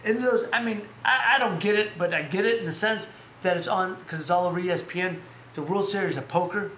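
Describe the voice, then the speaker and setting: Brisk and high-voiced, this host chats casually about boxing on a live stream. His stories ramble with animation, and he keeps correcting himself, all in an echoey room with faint background noise.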